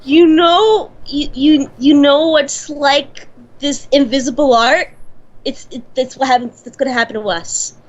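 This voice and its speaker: A woman co-hosting a casual gaming podcast, excitable and prone to rambling segues. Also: high voice, unhurried, highs cut off. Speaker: podcast co-host.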